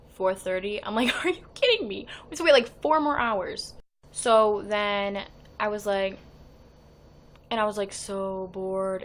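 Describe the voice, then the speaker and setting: A chatty, excitable young woman with a medium-pitched voice tells a fan story in a casual storytelling vlog, quoting others with "like." There's a slight hiss or hum in the audio.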